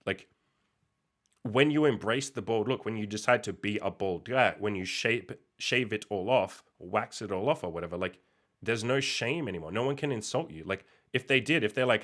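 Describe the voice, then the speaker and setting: A man's voice: fairly low pitch, moderate pace, a bit bright. A young man hosting a casual podcast monologue, reacting with exasperated, incredulous, sweary outbursts. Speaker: podcast host reacting to a post.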